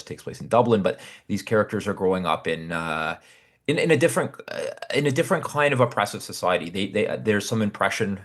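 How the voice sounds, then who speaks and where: A man with a deep, low-pitched voice talks casually through his reading of a short story. He thinks aloud, trailing into fillers and restarting sentences as ideas come to him. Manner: thoughtful, frequent fillers and restarts. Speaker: podcast host discussing literature. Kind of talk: casual spoken literary analysis.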